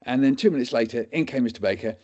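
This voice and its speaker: A man's voice: medium pitch, fast, a little mellow. A man in his seventies, guest speaker at a webinar, telling a humorous story in a chatty, self-deprecating way. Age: 70s. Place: webinar recording. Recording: dull lo-fi audio.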